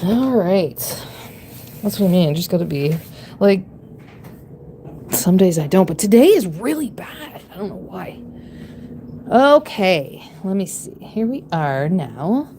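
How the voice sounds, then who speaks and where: A woman vlogger chatting casually and excitably, cooing in baby talk to her pets, with a sore back. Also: fairly low pitch, takes it slowly, long pauses, slight background noise. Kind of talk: casual chat.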